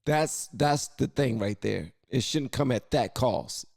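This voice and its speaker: A man hosts a reaction video in a casual, colloquial way, often circling back and repeating his points. His voice sits in an ordinary middle pitch and the sound is close and dry. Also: lively intonation, slow pace, gravelly, darkish tone, no echo. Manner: loose, colloquial, repeats himself.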